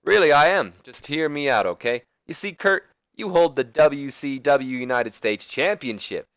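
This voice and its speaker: A smooth-talking veteran wrestler, put on by a man, pitching his voice up high to coax and persuade. The delivery is showy and salesman-like. The sound is close and dry. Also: lively intonation, moderate pace, a bit bright, no echo. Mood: persuasive.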